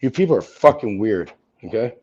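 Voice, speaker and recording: A man's voice: on the low side, lively intonation, normal speed, a little mellow, a little hiss or hum. A man ranting angrily and profanely on a livestream, confronting someone he is arguing with. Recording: dull lo-fi audio.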